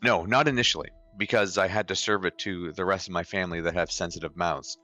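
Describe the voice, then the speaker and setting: A man's voice: deep voice, steady tone, fast talker, pushed and bright. A man from Canada co-hosting a casual livestream, easygoing, telling stories with dry jokes. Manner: easygoing, dry joking, storytelling. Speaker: co-host, host's brother. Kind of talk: casual charity livestream chat.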